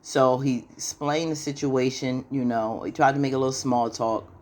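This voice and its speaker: A woman talks through a TV episode like she is gossiping with a friend, slangy and loose, peppered with "you know." Her storytelling stays lively, and she keeps sliding into little voices for the characters. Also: extremely low pitch, normal speed. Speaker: TV recap vlogger. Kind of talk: casual episode recap.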